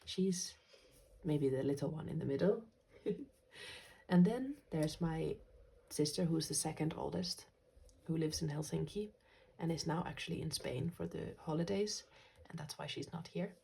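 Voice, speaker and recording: Woman, from Finland, journaling vlog host: soft, gentle delivery with whispered asides, low pitch, gravelly texture. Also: normal speed. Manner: soft-spoken, gentle, slips into quiet whispers. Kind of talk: casual vlog talk.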